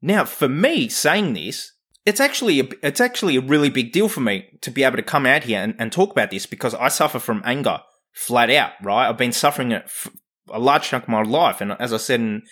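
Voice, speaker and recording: A man's voice: mid-range voice, lively intonation, brisk, fairly bright tone. A man hosting a podcast who talks candidly and emphatically, swearing freely and questioning himself as he goes. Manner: profane, emphatic, self-questioning. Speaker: podcast host and coach. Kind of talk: candid motivational monologue.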